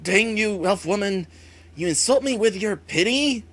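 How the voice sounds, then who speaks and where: A man voicing a proud, vicious female dark knight villain who shouts defiance. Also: on the high side, expressive, normal speed, lightly acted. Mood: scornful.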